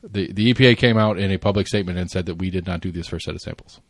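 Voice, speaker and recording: A man's voice: low-pitched, racing, dry recording. A man co-hosting a casual current-affairs podcast, rambling with lots of fillers and restarts and the odd swear word. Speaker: podcast co-host.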